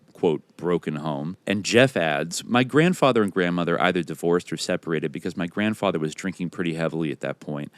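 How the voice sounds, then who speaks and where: A man's voice: sits low, dry recording. A man co-hosting a podcast, reading long passages and quotes aloud from a music biography. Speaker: podcast co-host.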